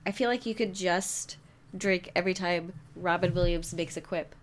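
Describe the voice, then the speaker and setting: A woman co-hosting a casual podcast, bubbly and quick to laugh, with halting restarts as she talks. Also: fairly low pitch, slight background noise. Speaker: podcast co-host. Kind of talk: casual chat.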